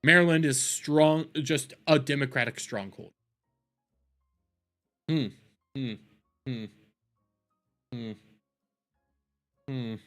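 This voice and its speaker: A man's voice: medium pitch, slow, pauses often, fairly bright tone, faint music behind. A man hosting a live stream, ranting casually about politics in a rambling, profane way with many restarts.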